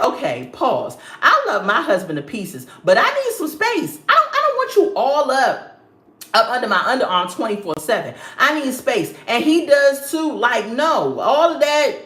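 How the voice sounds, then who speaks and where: A young woman talks through a reality episode like she's gossiping with friends, sassy and quick to laugh. Her voice sits a little high and jumps all over the place as she acts out the people she describes. The room has a noticeable echo. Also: fairly bright tone. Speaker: reality TV recap vlogger. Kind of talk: casual review commentary. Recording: roomy echo.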